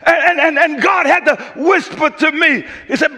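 A man preaching a sermon as pastor, working up to shouts and calling on the congregation to answer. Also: very high-pitched, moderate pace, few pauses, long reverb tail. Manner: preaching with rising shouts and call-and-response. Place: church sanctuary.

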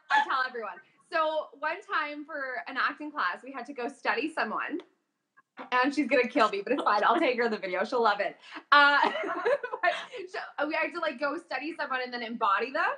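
A young woman chatting casually, telling animated stories with frequent laughs and casual swearing. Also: high voice. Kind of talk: casual chat.

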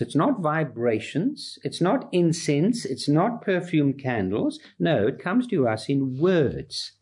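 A man's voice: mid-range voice, a little mellow, breathy edge. A man preaching a sermon, emphatic, building his points through repeated lists.

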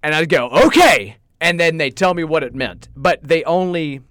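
A man's voice: on the high side, normal speed, smooth, no echo, clean studio sound. A middle-aged man co-hosting a podcast, telling stories in casual chat and acting out the people he quotes. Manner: animated storyteller, acts out quoted people. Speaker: podcast co-host.

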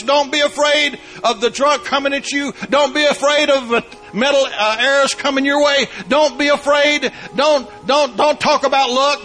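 A man preaching a sermon, moving between soft storytelling and shouted emphasis. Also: extremely high pitch.

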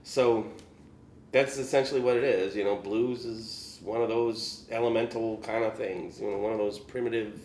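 In an echoey Kansas City room, a musician guest recounts a gig in a casual, meandering way, sprinkling in plenty of "you know" and laughs. His voice is fairly low, a little mellow, and fairly even in intonation at a normal speed, with slight background noise.

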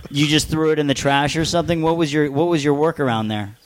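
A man's voice: a little high, fast, a little hiss or hum. A man appearing as a guest on a casual podcast, pressing with questions and stammering repeats as he talks.

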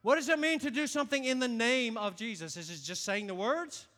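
A middle-aged man with a drawl preaches with a bright, ringing tone, climbing into shouted high-pitched peaks. His voice carries a long reverb that fills a church sanctuary. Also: brisk. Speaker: pastor. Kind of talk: sermon.

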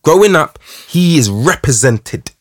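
A man's voice: fairly high pitch, sing-song, unhurried, husky, no echo, clean studio sound. A man talking animatedly in a casual podcast conversation, using street slang as a guest. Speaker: guest, writer and father.

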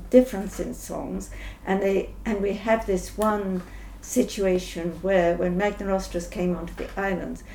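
An older woman scientist answering interview questions thoughtfully, pausing often with ums and restarting sentences. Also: medium pitch, steady tone, creaky, warm tone. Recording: roomy echo, faint background noise.

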